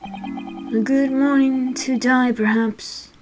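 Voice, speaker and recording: A woman's voice: a little high, steady tone, slow, over music. A woman voicing a gloomy theatrical male detective. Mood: despairing. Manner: gloomy, dramatic declaiming.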